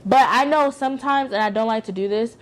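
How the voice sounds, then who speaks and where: A woman's voice: a little high, fairly quick. A woman co-hosting a casual podcast, speaking bluntly and chiming in with short remarks. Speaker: podcast co-host. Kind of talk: casual chat.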